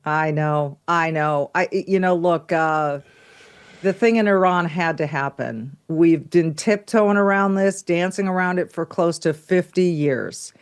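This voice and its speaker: Woman, talk show guest, firm, smooth clear voice. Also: lowish voice, a little slow. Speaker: guest commentator. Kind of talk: political talk show interview.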